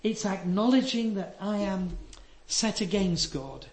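An older man preaching a sermon, earnest and emphatic, dropping to soft asides. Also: high voice, unhurried. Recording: echoey hall.

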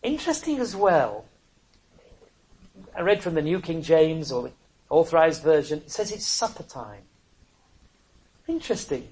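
Brief: older preacher, sermon delivery, hushed pleas that build to loud cries, chuckling asides. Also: medium pitch, very animated, a little slow, pauses often, poor audio. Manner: swings from soft pleading to loud exclamations, chuckles often.

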